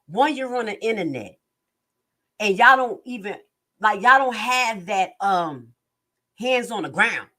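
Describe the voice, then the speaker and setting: A woman's voice: mid-range voice, lively intonation, a little slow, long pauses, sharp tone. A middle-aged woman giving impassioned live-stream commentary, blunt and streetwise, preaching and repeating herself for emphasis.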